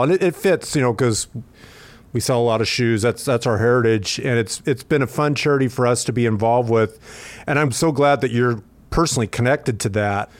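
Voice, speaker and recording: A man's voice: mid-range voice, no echo. Casual, encouraging male host, dry sound. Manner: encouraging, casual, lots of fillers. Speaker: podcast host and company executive. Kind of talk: conversational interview.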